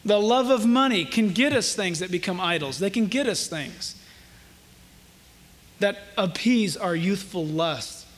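A man preaching a sermon as pastor, with impassioned delivery and emphatic, drawn-out quotations. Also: high-pitched, expressive, in a large hall.

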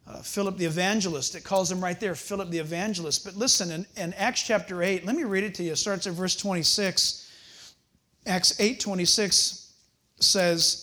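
An older man delivers a sermon in a high voice. He tells stories in an animated way and adds chuckling asides. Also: normal speed. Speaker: pastor.

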